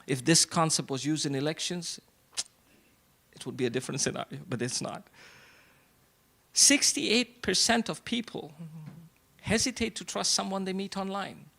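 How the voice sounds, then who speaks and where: A man's voice: fairly high pitch, normal speed, creaky, sharp tone. A middle-aged man giving a motivational speech to a live audience at a business networking event, asking rhetorical questions and repeating short punchlines. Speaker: event speaker. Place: event hall before an audience.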